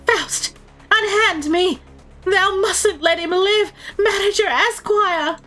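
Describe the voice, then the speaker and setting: A woman's voice: extremely high pitch, slow pace, bright, forceful tone, faint music behind, voice pushed up, heavily acted. A woman voicing an earnest, dramatic young female knight who speaks in old-fashioned, theatrical words. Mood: pleading. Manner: archaic, theatrical, exclaiming.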